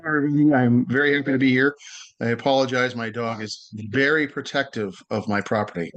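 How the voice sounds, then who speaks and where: A man's voice: mid-range voice, fairly even intonation, brisk, fairly bright tone, muffled recording. Friendly man leading a breathing exercise. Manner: friendly, loose, with many fillers and restarts. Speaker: yoga teacher and presenter. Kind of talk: casual presentation with guided breathing. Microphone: video call.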